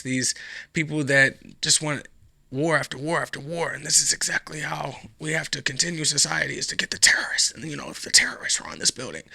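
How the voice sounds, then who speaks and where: Gravelly, sarcastic podcast host man. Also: mid-range voice, bright, forceful tone, no room sound. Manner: sarcastic, profane, rambling. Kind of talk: casual solo commentary.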